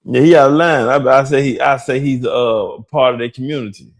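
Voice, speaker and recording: A man's voice: mid-range voice, fairly even intonation, fairly quick. A man with a Detroit accent co-hosting a casual gossip talk, drawling and laughing often. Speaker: gossip show co-host.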